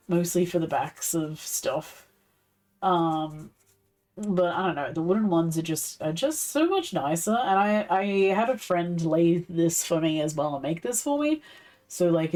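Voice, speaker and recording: A woman's voice: lowish voice, a little mellow, distant mic. A young woman chatting casually and giggling as she works on a live stream, a little off the mic with faint music behind. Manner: chatty, giggly, talks while working. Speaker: streamer doing leathercraft.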